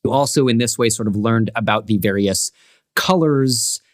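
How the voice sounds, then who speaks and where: A man's voice: mid-range voice, moderate pace. A man acting as game master, recapping the last session in a loose, rambling way with small laughs. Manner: loose and rambling, with fillers and self-amused laughs. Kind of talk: casual chat and recap narration of a tabletop game.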